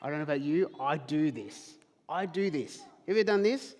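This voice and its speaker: A man's voice: fairly high pitch, expressive, brisk, hardly any pauses, darkish tone, big-room sound. A man preaching a sermon as pastor, emphatic, acting out quoted questions. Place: church hall.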